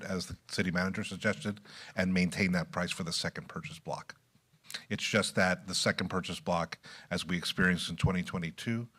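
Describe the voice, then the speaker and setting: Low-voiced man giving a measured staff report. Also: a bit bright. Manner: measured, many filler pauses. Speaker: city staff presenter. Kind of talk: formal public meeting report.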